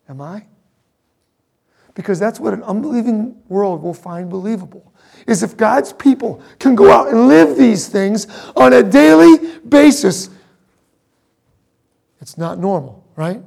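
Gravelly high-voiced male preacher. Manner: emotional, swings between loud emphasis and hushed asides. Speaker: pastor. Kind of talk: sermon with personal storytelling.

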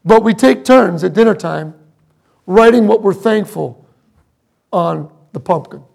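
A middle-aged man preaching a sermon, telling a personal story with emotion, moving between loud emphasis and hushed asides. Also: high-pitched, a little slow, vocal fry. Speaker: pastor.

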